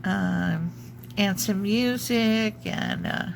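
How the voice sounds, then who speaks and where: A woman chats through her craft pieces in an unhurried, meandering way, often pausing to hunt for the right word. Her voice carries a gravelly rasp, and a faint hum sits in the background. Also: mid-range voice. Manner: rambling, searches for words, many ums. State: has the hiccups. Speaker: junk journal crafter. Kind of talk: casual craft show-and-tell.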